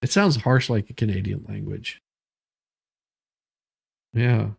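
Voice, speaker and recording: Male host, gravelly voice, rambling jokey news commentary. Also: mid-range voice, expressive, moderate pace, darkish tone. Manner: rambling, joking, self-interrupting.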